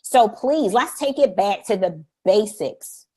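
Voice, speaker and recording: A middle-aged woman hosting a live stream, talking in an energetic, preachy way, repeating "y'all" and acting out polite phrases. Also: mid-range voice, slow, breathy edge. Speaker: host. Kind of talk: energetic livestream talk.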